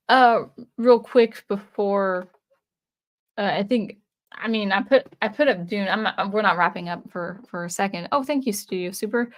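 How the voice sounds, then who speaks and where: A woman in her thirties hosts a casual livestream chat and talks in a rambling, candid way. She often corrects herself mid-sentence and doubles back on her words. Her voice sits at an ordinary middle pitch for a woman. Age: 30s. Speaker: channel host.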